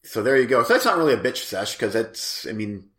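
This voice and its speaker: A podcast co-host with a brisk, sing-song, fairly bright mid-range voice chats casually while reviewing a movie, and the sound is reverberant. He rambles, often breaks off mid-sentence and laughs easily.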